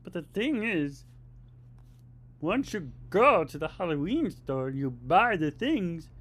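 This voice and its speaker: A man's voice: on the high side, very animated, takes it slowly, a bit bright, breathy edge. A man on a comedy podcast, chatting through observational bits and acting out little scenes. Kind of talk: improvised comedy riffing.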